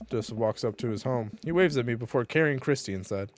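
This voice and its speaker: A man's voice: on the low side, animated, fast, hardly any pauses. A tipsy man on a casual charity stream, reading game dialogue aloud and laughing often between lines.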